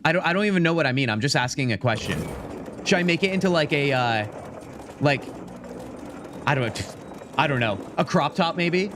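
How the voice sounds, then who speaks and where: Excitable young man streaming a game. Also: a little high, fairly quick, pauses often, background noise. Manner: excitable, chatty, talks to chat, says "dude" often. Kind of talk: live gameplay commentary.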